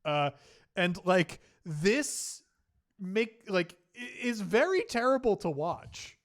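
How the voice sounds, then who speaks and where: A man narrating as game master in a tabletop game, halting with many fillers. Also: sits high, sing-song.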